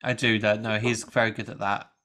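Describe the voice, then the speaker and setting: A man's voice: fairly low pitch, level tone, a little fast, sharp tone, slight background noise. Man hosting a podcast, laughing often. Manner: laughs often, reads listener messages aloud. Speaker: podcast host. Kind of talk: casual chat, reading listener feedback.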